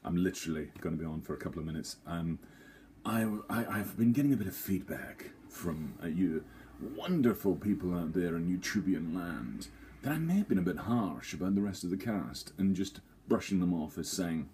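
A man's voice: low voice, animated, normal speed, mellow, slight background noise. A man giving a rambling, self-deprecating, jokey theatre review to camera, full of fillers.

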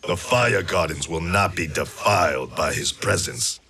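A solemn ninja warrior speaks slowly and formally in a very low voice. His tone is bright and hard-edged. Faint game music plays behind him. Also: vocal fry, husky, full character voice. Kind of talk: video game cutscene voice acting.

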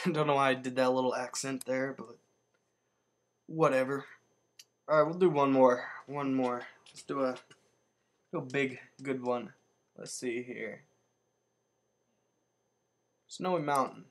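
A man giving casual, excitable commentary while playing a video game, jumping up in pitch whenever he survives. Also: a little slow, pauses often. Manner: excitable, yelps upward when surviving. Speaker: let's play gamer.

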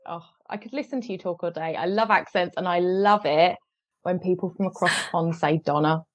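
A woman's voice: on the low side, a little fast. Enthusiastic East Midlands English woman host. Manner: enthusiastic, chatty. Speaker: podcast host. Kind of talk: casual podcast chat.

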